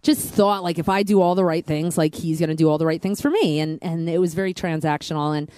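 A woman's voice: fairly even intonation, fast talker, warm tone. A woman in her thirties telling her personal faith testimony, earnest and rambling, full of "like". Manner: earnest, says "like" often, voice rises high with emotion. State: near tears. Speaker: guest, future church planter.

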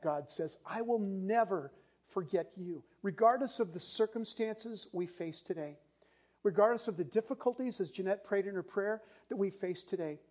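An older male pastor in his sixties preaches an earnest, heartfelt sermon, his voice pitched high with a husky edge. He tells stories with pauses, and the recording sounds muffled and dull. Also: darkish tone.

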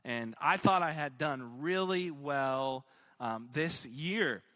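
A man's voice: on the high side, slow, sharp tone. A man preaching a sermon, telling a personal story and building to fervent emphasis. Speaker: pastor.

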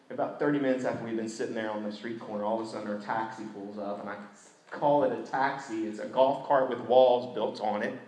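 A man preaching a sermon as a story, animated, going from loud outbursts to hushed tones. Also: mid-range voice. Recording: echoey room.

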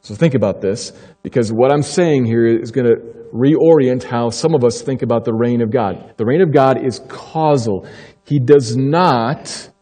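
Emphatic preacher in a reverberant hall. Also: male voice, medium pitch, dark tone. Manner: emphatic, slows down to stress key phrases. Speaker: pastor. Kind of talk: sermon.

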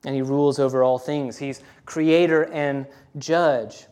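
A man preaching a sermon earnestly, often pausing with "uh" between points. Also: mid-range voice, fairly even intonation, darkish tone, clean tone. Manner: earnest preaching with many uh fillers. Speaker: pastor.

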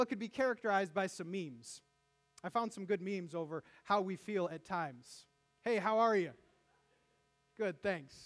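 A man preaching a sermon as pastor, animated, with jokes and asides to the congregation in a church. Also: high voice.

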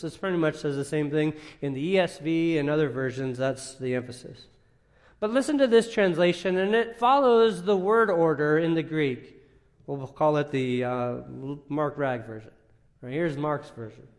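Earnest pastor preaching in a reverberant hall. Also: male voice, on the high side, moderate pace. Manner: earnest teaching, rising emphasis on key points. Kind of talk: sermon. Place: church sanctuary. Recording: long reverb of a church hall.

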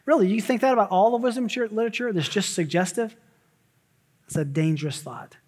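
A pastor preaching from the pulpit, a man with a notably high voice. He talks emphatically, jumping into sharp rising exclamations and quick asides. His words ring out with a long reverb through a church sanctuary. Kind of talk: sermon.

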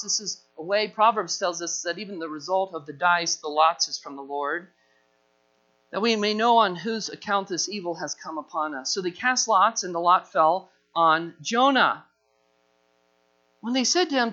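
A man preaching a sermon as pastor, animated and acting out the voices he quotes. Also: high voice, moderate pace, lo-fi sound.

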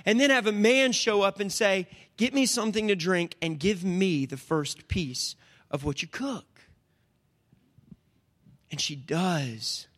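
A man preaching a sermon as pastor, telling Bible stories with lively asides and quick put-on voices for the people in them. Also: high-pitched. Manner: animated storytelling, jumps into voices and back.

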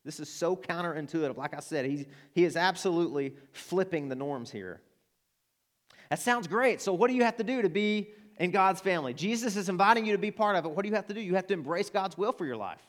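A man's voice: high-pitched, lively intonation, fast. A man with an Arkansas accent preaching a sermon to his church, earnest and emphatic, building to passionate appeals. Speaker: pastor.

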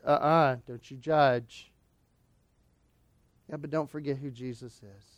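Pastor, male, high voice, dry close sound, emphatic sermon delivery with rhetorical questions. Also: a little mellow, dry recording. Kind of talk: expository sermon.

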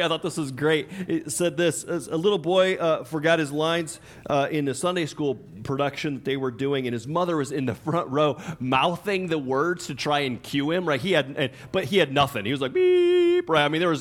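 A man preaching a sermon in a conversational, chatty way, with lots of fillers, restarts and laughter. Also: on the high side. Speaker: pastor.

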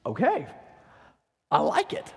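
A man voicing a relaxed, friendly middle-aged man who runs a diner counter. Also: high-pitched, slow, creaky, breathy edge, pitched above the performer's own voice, full character voice. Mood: easygoing. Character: easygoing middle-aged male diner cook. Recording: long hall reverb.

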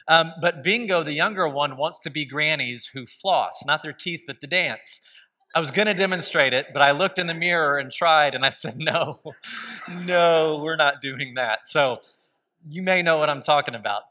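Bright-voiced male pastor preaching. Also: fairly high pitch, moderate pace. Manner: conversational storytelling with humor. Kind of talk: sermon.

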